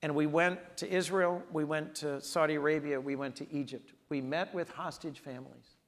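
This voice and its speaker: A man's voice: fairly high pitch, steady tone, normal speed. A man in his sixties, a senator speaking as the guest in an onstage conversation, telling earnest stories with emphatic delivery.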